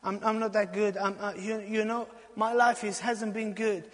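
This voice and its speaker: A man's voice: sits high, flat delivery, moderate pace, voice pushed up, lightly acted. A man, quoting an ailing old man who feels unworthy, in a long church reverb. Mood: ashamed. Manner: pleading and self-deprecating.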